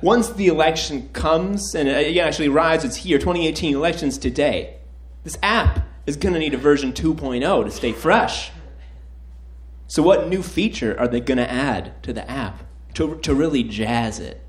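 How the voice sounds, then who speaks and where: A man's voice: on the high side, lively intonation, moderate pace. A man hosting a live comedy show as debate moderator, loose and joking and swearing freely, recorded in a roomy live venue. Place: comedy stage with live audience.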